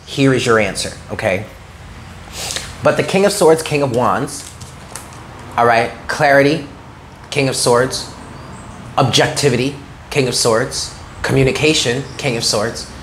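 A man's voice: mid-range voice, fairly bright tone, slight background noise. A man giving a tarot reading, talking earnestly and encouragingly to the listener and often checking in with "okay?". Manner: frequent "okay?" check-ins. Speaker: tarot reader.

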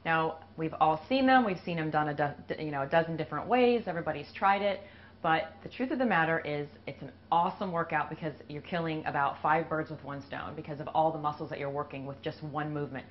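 A lower-voiced woman coaches through a push-up demonstration, panting and out of breath while she exercises. The recording is dull and lo-fi, with a faint hiss behind her. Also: fast. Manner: talks while doing push-ups. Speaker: fitness instructor. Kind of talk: casual workout demonstration.

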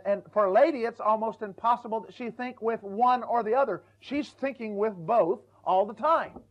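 High-voiced man preaching a folksy sermon. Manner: folksy, repeats words, acts out quoted voices. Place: church. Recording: dull lo-fi church recording.

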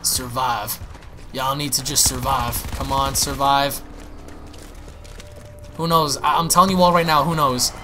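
An excitable man narrates his own gameplay as it happens. He swears freely and keeps repeating his words. His voice sits in an ordinary middle range. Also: mid-range voice, normal speed, noisy background. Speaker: gaming YouTuber. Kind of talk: live gameplay commentary.

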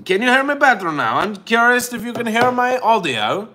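A man hosting a casual livestream, talking loosely and loudly, hyping his chat and joking with swearing. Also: very high-pitched, sing-song, moderate pace, a little hiss or hum, poor audio. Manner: loud, joking hype-man delivery with swearing. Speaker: livestream host. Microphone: phone hotspot livestream.

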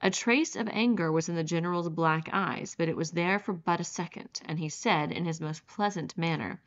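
A woman reads an audiobook in a measured, steady storytelling voice. Her pitch sits on the low side. The recording is muffled and lo-fi. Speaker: audiobook reader. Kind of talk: audiobook narration.

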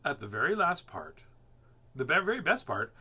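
An older man reads picture books aloud to a live audience, joking and chatting between pages. His voice sits fairly high and rings bright, swinging up and down with lively expression. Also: normal speed, husky. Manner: playful, chatty, easily amused. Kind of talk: live read-aloud stream.

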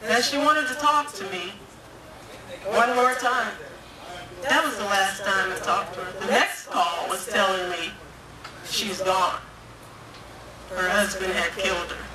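A woman's voice: medium pitch, unhurried, long pauses. A woman giving a personal testimony as a guest speaker, telling her story and acting out the voices of people she quotes. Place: domestic violence awareness walk event. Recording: echoey, distant, crowd noise behind.

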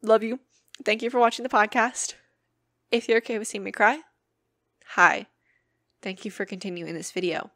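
A woman's voice: medium pitch, normal speed, pauses often, fairly bright tone, dry recording. Earnest, swearing woman podcaster, dry sound. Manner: earnest, emotional, swears freely. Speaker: podcast host. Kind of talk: personal podcast monologue.

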